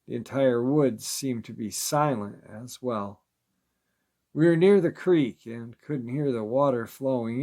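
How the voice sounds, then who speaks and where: A man with a middle-pitched voice reads creature encounter stories aloud. His scripted narration stays steady and measured from line to line.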